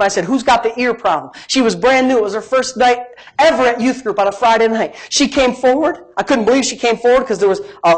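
A very high-voiced middle-aged man delivers an animated sermon as pastor, alternating hushed asides with emphatic rising lines. The audio is poor.

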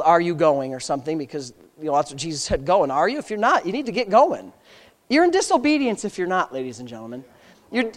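A man preaching an urgent church sermon, his voice rising high and loud to press rhetorical questions on the congregation, then dropping low and quiet to tell a story. He repeats key lines for weight.

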